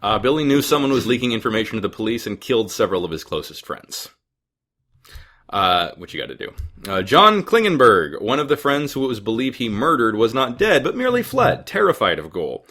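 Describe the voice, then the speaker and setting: A man's voice: mid-range voice, huge pitch swings, fairly quick, sharp tone. A male podcast host reading local history notes aloud in a casual chat, dropping dry, teasing asides.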